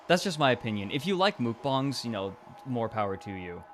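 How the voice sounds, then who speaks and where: A man's voice: lowish voice, expressive, measured pace, fairly bright tone, a little hiss or hum. A man hosting a casual livestream, rambling and chatty and laughing often. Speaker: stream host. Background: faint music.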